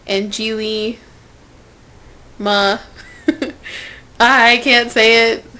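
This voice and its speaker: A young woman telling a personal story to camera in a casual vlog, swinging from loud outbursts to whispered asides. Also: on the high side, fairly even intonation, extremely slow, low-quality recording. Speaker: vlogger.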